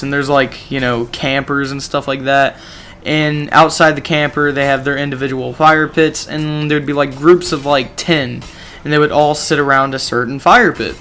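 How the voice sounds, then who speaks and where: A man's voice: a little high, steady tone, normal speed, a bit bright, slight background noise. A man from a gaming channel telling a story casually, rambling with lots of "you know" and "like".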